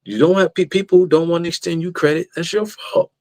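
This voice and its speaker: A man's voice: a little high, fairly even intonation, quick pace, a little mellow, no room sound, poor audio. A man on a podcast as a guest, chatting animatedly with stammering restarts and mocking impressions. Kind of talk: casual chat.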